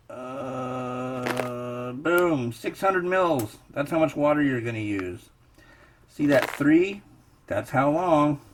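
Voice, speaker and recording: A middle-aged man chatting casually in a rambling, wry way while cooking in his home kitchen. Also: a little high. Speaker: host. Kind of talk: casual cooking vlog chat. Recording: noisy kitchen with clicks and crinkling.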